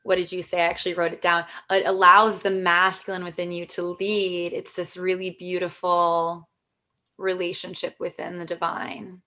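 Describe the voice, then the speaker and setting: Bright-voiced woman hosting a podcast. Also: fairly low pitch, flat delivery, normal speed. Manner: enthusiastic, affirming, lots of fillers. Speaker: podcast host. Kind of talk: casual interview chat.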